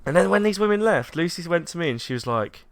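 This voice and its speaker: A young English man in casual podcast chat, animated, acting out the people in his story. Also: a little high, quick pace. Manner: animated storyteller, acts out quotes, laughs often. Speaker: podcast co-host.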